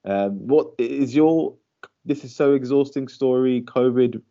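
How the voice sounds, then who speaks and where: A man's voice: mid-range voice, measured pace, mellow, highs cut off. A man co-hosting a podcast in casual chat, laughing easily and talking with lots of fillers. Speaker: podcast co-host. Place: lives in Shanghai.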